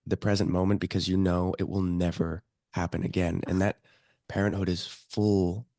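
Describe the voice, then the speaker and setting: A man's voice: low voice, flat delivery, dark tone, no echo, studio quality. A man in his thirties, a podcast guest, speaking reflectively and hesitantly. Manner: slow, reflective, hesitant with fillers. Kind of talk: casual conversation.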